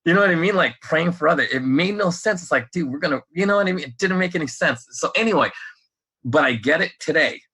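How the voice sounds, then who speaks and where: A man co-hosting a loose conversational podcast, rambling and animated, who breaks into laughter often. His voice is forceful and tense with a husky rasp. He sounds like someone thinking out loud. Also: on the high side, fast. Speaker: podcast co-host.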